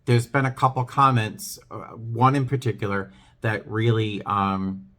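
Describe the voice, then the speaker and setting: Middle-aged guy vlogging, low voice, earnest, lots of ums and pauses. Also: little pitch movement, pushed and bright. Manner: hesitant, earnest, many ums and restarts. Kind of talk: talking to camera, heartfelt chat.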